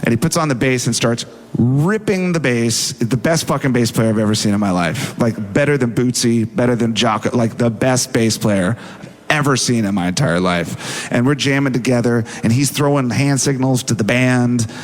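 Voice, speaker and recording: Interview guest, male, mid-range voice; casual storyteller, animated and profane. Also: mid-range voice, normal speed. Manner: animated, profane, acts out quoted dialogue.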